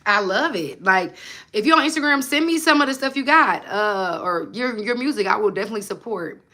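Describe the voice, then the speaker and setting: A woman's voice: medium pitch, expressive, brisk, pushed and bright. A young adult woman hosting a casual livestream, talking bluntly and emphatically with plenty of profanity as she preaches self-belief to her viewers. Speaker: manifestation coach and livestream host.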